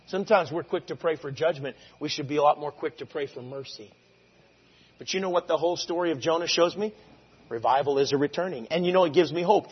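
A man preaching a sermon, moving between conversational asides and loud, drawn-out shouted lines of scripture. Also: a little high, husky, big-room sound, lo-fi sound.

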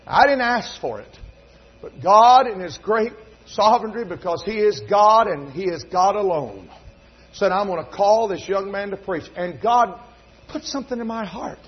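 High-voiced husky preacher. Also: male voice, lively intonation, moderate pace. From North Carolina, USA. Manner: folksy storytelling preacher, building to emphatic fervor. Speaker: pastor. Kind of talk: sermon. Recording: dull lo-fi recording.

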